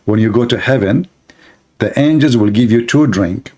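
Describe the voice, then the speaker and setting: A man's voice: mid-range voice, normal speed, darkish tone. A man giving mocking commentary on religious texts, sarcastic and laughing at his own jokes.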